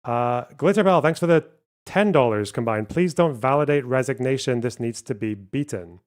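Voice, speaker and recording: A man's voice: mid-range voice, animated, moderate pace. A man, a streamer reading donation messages aloud and answering them in casual, profane, sarcastic chat.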